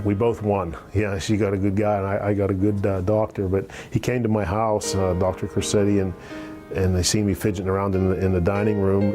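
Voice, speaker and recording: A middle-aged man giving a halting testimonial in an interview, with many fillers and restarts. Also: low-pitched. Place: office. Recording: guitar music playing clearly underneath.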